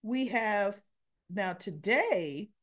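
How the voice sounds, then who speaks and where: A woman's voice: medium pitch, animated, drawn-out words, a bit bright. A woman chatting casually as she recaps a soap opera into her camera mic, with offhand, dismissive asides.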